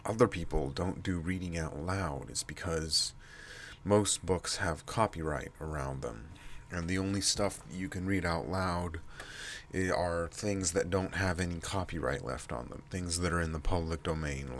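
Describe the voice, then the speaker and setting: A man with a nasal, stuffy voice and heavy breathing, rambling casually to his channel with many pauses and restarts. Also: deep voice, fairly bright tone, slight background noise. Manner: halting, many fillers and restarts. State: stuffy from allergies. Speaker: channel host.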